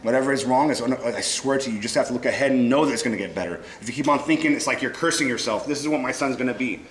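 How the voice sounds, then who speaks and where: A man's voice: mid-range voice, rapid-fire, slight background noise. A man giving an impassioned talk at a conference, telling stories and acting out the dialogue himself. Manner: animated storytelling, acting out dialogue. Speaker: conference speaker. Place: conference room. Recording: echoey room with faint ambience.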